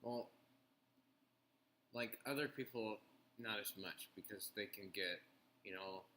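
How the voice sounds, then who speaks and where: A man's voice: fairly low pitch, sharp tone, a little hiss or hum. A man co-hosting a casual talk show, speaking hesitantly with lots of fillers. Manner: hesitant, halting, with many fillers. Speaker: podcast co-host. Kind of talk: casual chat.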